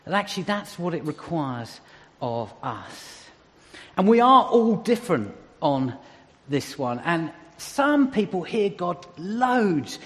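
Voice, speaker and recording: Middle-aged male preacher, high voice, chatty with light jokes, long hall reverb. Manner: conversational with humorous asides. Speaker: church speaker. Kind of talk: sermon.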